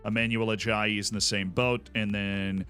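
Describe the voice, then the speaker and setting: A man's voice: fairly low pitch, level tone, moderate pace, pushed and bright, faint music behind. A man streaming a sports management game, chatting wryly with his viewers. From Tampa, Florida. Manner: wry, chatty, talks to chat. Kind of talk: casual game commentary.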